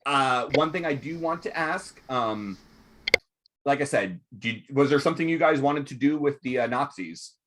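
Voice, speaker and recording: A man's voice: mid-range voice, moderate pace, background noise. A man hosting as game master, recapping and running a tabletop roleplaying game with frequent ums and uhs. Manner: relaxed, many ums and uhs.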